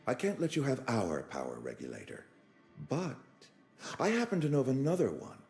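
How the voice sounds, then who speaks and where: A pompous, florid colony administrator. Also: male voice, mid-range voice, wildly swooping pitch, normal speed, darkish tone, faint music behind. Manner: florid, overly formal and pompous. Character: pompous, fussy male colony administrator, middle-aged. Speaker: outpost administrator. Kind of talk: video game dialogue.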